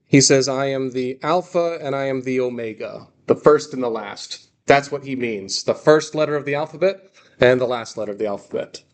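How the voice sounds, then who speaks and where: A man teaching a class in an easygoing, joking manner. He often restarts his sentences and corrects himself mid-thought. His voice sits in an ordinary middle range. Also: medium pitch. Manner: casual, joking, self-correcting with many restarts. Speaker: Greek teacher. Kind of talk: classroom lecture.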